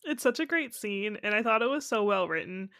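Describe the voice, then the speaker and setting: A woman's voice: mid-range voice, animated, brisk, fairly bright tone, dry recording. A woman co-host with a mid-range voice shares enthusiastic opinions in casual chat. She is recorded close with a dry sound. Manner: enthusiastic, gives opinions, laughs. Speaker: podcast co-host.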